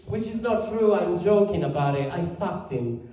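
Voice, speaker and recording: This Italian stand-up comedian has a high voice and performs a set far from the mic in a very echoey room, with a crowd audible behind him. His delivery is deadpan and halting, packed with fillers.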